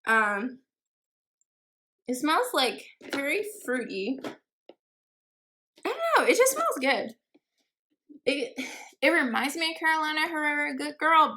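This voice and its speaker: Woman, casual haul vlog, chatty, gravelly voice, faint background noise. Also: medium pitch. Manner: chatty, many fillers, giggly asides; unsure pronunciations, self-teasing. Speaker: beauty vlogger.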